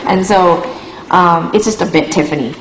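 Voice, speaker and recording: A woman's voice: lowish voice, normal speed, heavy background noise. A young adult woman musician telling a rambling tour story in casual chat, with lots of "like" and "um". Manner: rambling, full of "like" and "um", laughing at her own story. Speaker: touring musician. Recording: echoey room.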